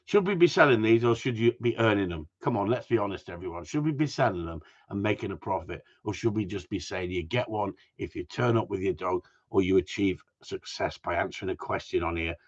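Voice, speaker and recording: A man's voice: fairly low pitch, lively intonation, fairly quick, few pauses. A man hosting a live stream in a casual, jokey way, teasing viewers and reading their comments aloud. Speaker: host of a gundog group live stream. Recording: dull lo-fi sound.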